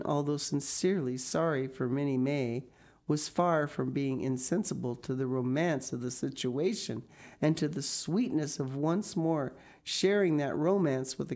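A woman narrating an audiobook in a calm, measured, descriptive way. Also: low-pitched.

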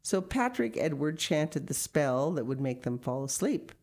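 Slow, lively woman reading a storybook. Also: deep voice. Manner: lively, expressive read-aloud with asides. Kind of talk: reading a picture book aloud.

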